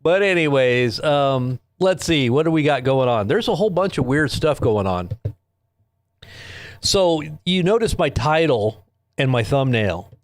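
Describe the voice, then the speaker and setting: A man's voice: medium pitch, no room sound. A man hosting a late-night live news stream, chatting loosely with viewers and rambling through stories, speaking into his own microphone. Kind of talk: casual live-stream chat, reading viewers' comments. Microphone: own desk microphone.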